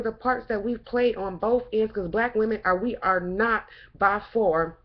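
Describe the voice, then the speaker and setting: A woman's voice: mid-range voice, unhurried, hardly any pauses, highs cut off. Fervent, preachy woman with lots of cursing. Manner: fervent, preachy, rhetorical questions, frequent cursing. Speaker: vlogger. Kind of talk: impassioned monologue to camera.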